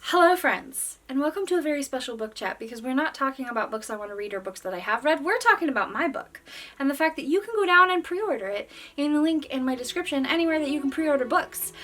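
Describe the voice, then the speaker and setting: A woman in her thirties, an author chatting to her viewers in an excited, gushing way, in quick bursts. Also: high-pitched, recorded from a distance. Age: 30s. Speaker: author and vlogger. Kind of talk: casual chat to camera.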